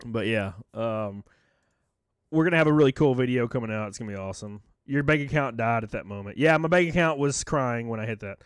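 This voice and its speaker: A man's voice: mid-range voice, animated, brisk, smooth, dry recording, clean studio sound. A man live-streaming in a casual, rambling way, joking, swearing freely and thanking his viewers by name.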